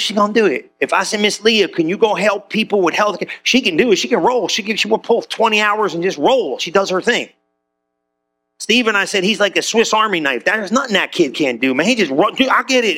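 This middle-aged pastor's sermon is conversational and animated, delivered in a high-sitting voice, and he voices the quotes he cites in funny little voices.

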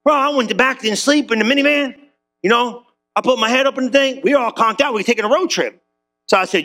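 A man who is a pastor, preaching a sermon as a comedic story, slangy and animated, acting out the people in it. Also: very high voice, fast. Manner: animated, slangy, acts out voices.

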